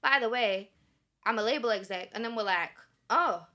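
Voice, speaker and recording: A woman's voice: a little high, normal speed. A young woman with a Yorkshire accent, a singer telling stories as a guest in a casual sit-down interview and acting out the dialogue. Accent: Yorkshire English. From Sheffield, England. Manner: animated, acts out quoted dialogue. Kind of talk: casual storytelling.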